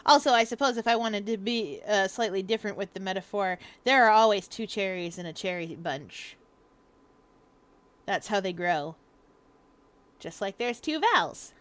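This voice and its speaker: Speaking at a moderate pace in a mid-range voice, a young woman talks casually over her gameplay stream. She's a chatty, rambling storyteller who laughs often.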